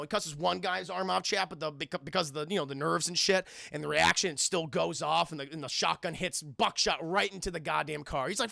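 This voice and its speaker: A young man reviewing a film with his live chat, casual and profane, acting out lines loudly. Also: high-pitched, gravelly, no echo, studio quality. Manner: profane, animated, acts out quotes loudly.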